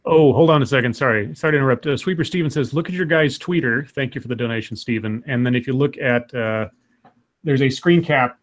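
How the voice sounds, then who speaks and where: A man co-hosting a casual livestream, reading out donations and stammering often. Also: mid-range voice. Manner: stammering, quick to laugh.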